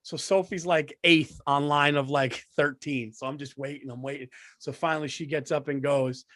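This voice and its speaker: Excitable, profane middle-aged man storyteller. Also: a little high, moderate pace, no echo. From United States. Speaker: podcast co-host. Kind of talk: casual comedic storytelling. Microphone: studio microphone.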